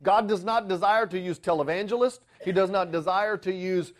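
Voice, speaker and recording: A man's voice: sits high, normal speed. A man preaching a sermon in a church, emphatic, with frequent fillers and restarts. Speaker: pastor.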